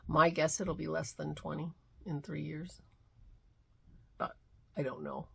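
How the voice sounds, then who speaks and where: Low gravelly-voiced woman vlog host. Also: steady tone, measured pace. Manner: heartfelt, soft-spoken, drifting into near-whispers. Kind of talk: casual morning vlog talk.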